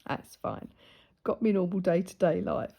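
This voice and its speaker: A woman's voice: on the low side, lively intonation, normal speed, vocal fry, dark tone. A woman casually telling a story while she sews, chatty and laughing often. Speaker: crafter and vlogger. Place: at home in front of a camera.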